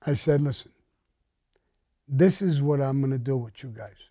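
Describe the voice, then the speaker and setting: A man's voice: medium pitch, moderate pace, mellow, dry recording, clean studio sound. A man bluntly recounting a violent crime story, swearing often and speaking with menace.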